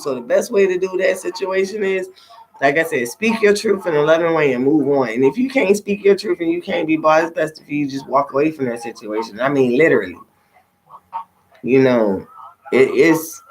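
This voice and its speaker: A middle-aged woman and tarot reader, talking in a casual livestream, blunt and profane as she preaches her advice. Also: lowish voice.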